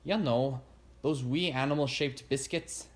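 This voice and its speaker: A man's voice: medium pitch, measured pace, pitched above the performer's own voice, close to an everyday voice. A man voicing a small, careful Scottish woman inventor with a thick Scottish accent, in a storybook reading. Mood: practical. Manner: careful, dry, thrifty.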